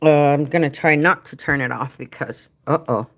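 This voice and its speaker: Over background noise, a low-voiced woman talks at a moderate pace into a head-mounted mic while hosting a casual stream for home care workers. Her chatty, wandering talk goes straight to her viewers, with warm asides along the way.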